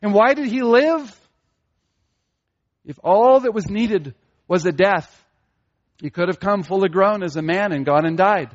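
A man preaching a sermon with emphatic delivery, repeating key phrases and rising in pitch to stress a point. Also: normal speed. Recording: dull lo-fi recording.

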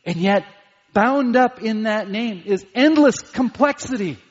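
Male pastor, high voice, slow emphatic preaching, long hall reverb. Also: expressive. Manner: emphatic, dwells on single words. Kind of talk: sermon. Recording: dull lo-fi recording in a reverberant hall.

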